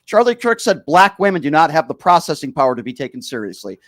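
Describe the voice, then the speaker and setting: A talk show host with a slightly high, sing-song voice and a somewhat bright tone talks fast as he fights with a caller. He keeps hammering the same question again and again in a heated call-in argument.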